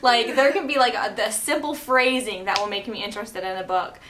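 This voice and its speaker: Young woman, slow, roundabout explainer. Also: a little high, fairly bright tone, a little hiss or hum. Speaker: book vlogger. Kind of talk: casual chat to camera.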